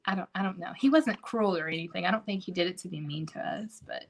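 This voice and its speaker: A middle-aged woman with a lowish voice talks fast while hosting a craft video. As she works, she chats casually and tells stories directly to her viewers, a natural storyteller.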